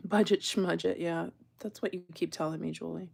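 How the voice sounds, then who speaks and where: Female livestream crafter, lower pitch, casual rambling chat, faint background noise. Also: steady tone, a little slow, vocal fry. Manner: chatty, rambling, exasperated asides to viewers. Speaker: jewelry-making livestream host.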